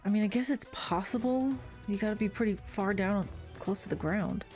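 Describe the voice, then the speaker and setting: A woman's voice: medium pitch, moderate pace, a little mellow, soft background music. Casual woman commenting on gameplay. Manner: casual, amused, thinking aloud. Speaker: gameplay streamer. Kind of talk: let's-play commentary.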